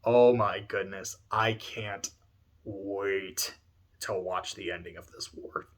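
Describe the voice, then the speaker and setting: A man's voice: low voice, steady tone, takes it slowly, voice pushed down. A man reading as a sly mocking priest. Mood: taunting.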